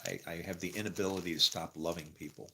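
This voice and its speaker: A man giving a rambling personal monologue, laughing often and trailing off into quiet mumbles. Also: deep voice, animated, quick pace, gravelly, a little hiss or hum. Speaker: storyteller.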